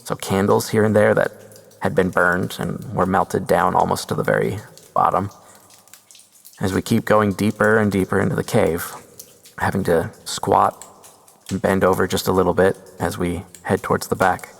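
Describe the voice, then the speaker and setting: A man hosting a podcast, telling a first-person story slowly and deliberately, with suspenseful pauses. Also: low voice, creaky, in a large hall. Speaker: podcast host.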